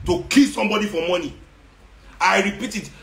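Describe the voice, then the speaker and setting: Nigerian man, high voice, ranting monologue, sarcastic, roomy echo. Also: a little fast, vocal fry, a bit bright. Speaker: social media commentator. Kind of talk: impassioned monologue. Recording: echoey room.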